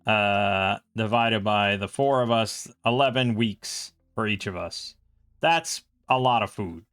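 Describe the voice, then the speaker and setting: A man's voice: fairly low pitch, takes it slowly, a bit bright, clean tone. A man playing a solo tabletop role-playing game, reading out rules and rolls and thinking aloud in a casual way.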